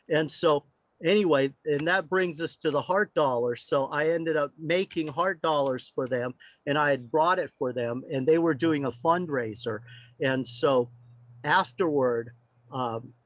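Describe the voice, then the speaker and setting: Man, guest storyteller, slightly high voice, filler-heavy anecdotes, dry close sound. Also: dry recording. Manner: animated anecdote with many fillers. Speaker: guest speaker on sound healing. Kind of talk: casual storytelling. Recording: dry, slightly muffled lo-fi audio.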